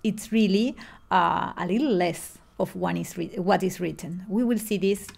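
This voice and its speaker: A woman's voice: lowish voice, normal speed, gravelly. Lady, middle aged, explaining music stuff online, lots of uhs and restarts. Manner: explanatory, with frequent fillers and restarts. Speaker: music lecturer.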